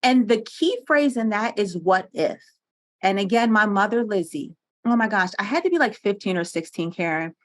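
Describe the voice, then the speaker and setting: A woman from Pennsylvania sits as a podcast guest and tells personal stories into a studio microphone. Her delivery is animated and earnest, and laughter often breaks into her talk. Her pitch sits in an ordinary middle range. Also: moderate pace. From Pennsylvania, USA. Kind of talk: podcast interview storytelling.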